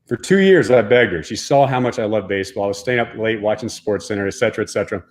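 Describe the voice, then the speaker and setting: A former pro baseball player from Texas's Dallas-Fort Worth area appears as a guest and tells a personal story. He talks fast in a lowish voice, and his manner is casual, profane, and emphatic.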